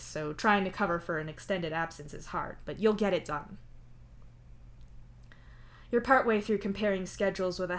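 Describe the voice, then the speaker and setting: Brief: woman narrator, lowish voice, steady story reading. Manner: even second-person narration. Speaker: fanfiction reader. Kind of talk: audiobook-style story reading.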